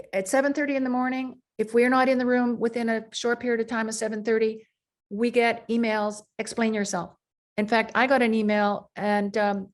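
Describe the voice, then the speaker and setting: A woman surgeon, interviewed as a guest, telling workplace anecdotes in a loose, conversational way, full of fillers and restarts. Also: fairly high pitch. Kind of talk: conversational storytelling.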